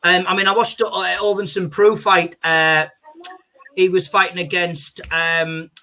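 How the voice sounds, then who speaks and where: A male comedian, a guest on a video call, chatting casually in a rambling, animated way full of "you know". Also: sits high, unhurried.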